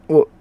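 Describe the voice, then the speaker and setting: Sex: male. Role: video creator. Style: reads a script he wrote while drawing. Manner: rambling, restarts often. Pace: slow. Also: narrow, tinny audio. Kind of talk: scripted argument over screen drawing.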